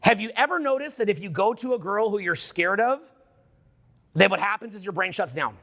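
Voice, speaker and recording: High, bright-voiced man pitching to a crowd. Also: a little fast. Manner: animated, questioning the crowd, profane. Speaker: seminar speaker. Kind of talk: live seminar talk to an audience. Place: room with a live audience. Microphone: unamplified handheld mic.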